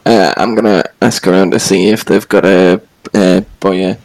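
A man's voice: sits low, fairly even intonation, normal speed, creaky, a little mellow, dry recording. A man playing a tabletop game, matter-of-fact and slightly defensive. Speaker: player.

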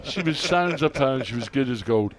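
An older man, a radio co-host, telling animated anecdotes in casual chat. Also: mid-range voice, moderate pace. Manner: animated storyteller, puts on voices in quotes.

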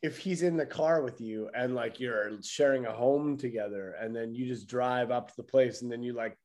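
A man's voice: mid-range voice, normal speed, darkish tone. A man co-hosting a podcast, chatting bluntly and sarcastically, swearing freely. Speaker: podcast co-host. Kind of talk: casual chat.

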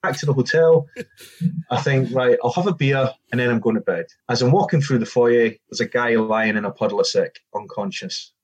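A man's voice: mid-range voice, normal speed, slightly rough, lo-fi sound. A middle-aged man and former footballer telling a casual anecdote, acting out the quoted dialogue with frequent restarts.

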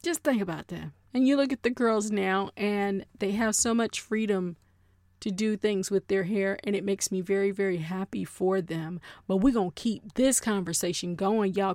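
A woman hosting a solo podcast, animated and playful, talking straight to her listeners in slangy casual chat on a close mic. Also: mid-range voice, no room sound. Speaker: podcast host.

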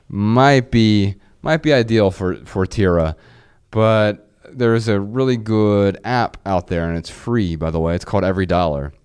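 A man with a low voice talks through his thoughts on a casual podcast. His tone is smooth and resonant. He rambles a little and restarts phrases as he goes. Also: a little mellow. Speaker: podcast co-host.

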